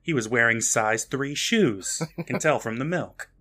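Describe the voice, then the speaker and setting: A man's voice: medium pitch, lively intonation, unhurried, bright, forceful tone. A man hosting a podcast, recapping a show's plot in casual chat with dry jokes. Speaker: podcast host recapping an episode.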